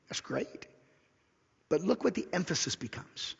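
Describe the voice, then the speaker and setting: Male pastor, sermon delivery, raspy and gravelly, dull lo-fi sound, slows and whispers on key points. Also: medium pitch, very animated. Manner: repeats key lines slowly for emphasis, drops to a whisper. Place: church sanctuary. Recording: dull lo-fi recording in a reverberant church hall.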